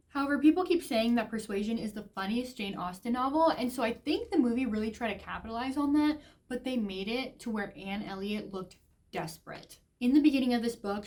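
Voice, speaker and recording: A woman's voice: medium pitch, a little mellow. Gushing, chatty woman book vlogger. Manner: gushing, chatty, heavy use of "like". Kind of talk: casual book review vlog.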